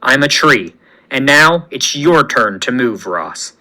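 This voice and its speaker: A man voicing a steadfast male hero who talks in a calm, resolute way. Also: mid-range voice, takes it slowly, pitched below the performer's own voice, exaggerated voice, poor audio. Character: steadfast heroic male super soldier.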